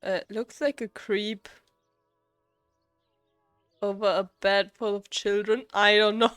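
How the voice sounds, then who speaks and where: A woman's voice: medium pitch, steady tone, slow pace, a bit bright, clean tone, soft background music. A young woman streaming a game live, chatting casually and rambling with frequent laughs.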